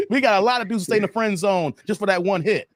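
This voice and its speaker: A man hosting a casual livestream chat, animated and laughing often as he reads viewer comments and tells stories. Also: sits high, no room sound, studio quality. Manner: storytelling, acts out quotes. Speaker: host.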